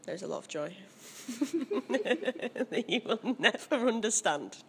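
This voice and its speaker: A woman's voice: a little high, expressive, slow pace, creaky, a little hiss or hum. A young woman, chatting casually and with opinions in an interview and laughing often. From Leeds area, Northern England.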